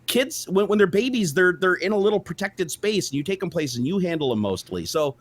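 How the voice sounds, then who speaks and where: A man co-hosts a casual livestream chat, with a slightly raised pitch and a fast pace. He talks bluntly and swears freely. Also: animated, a little hiss or hum. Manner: blunt and profane. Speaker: co-host.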